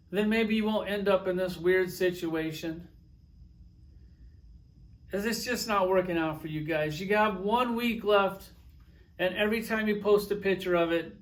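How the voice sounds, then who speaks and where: A man giving a profane, sarcastic comedic rant to camera, telling crude stories with heated outbursts. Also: high voice. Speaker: toy collector reviewer.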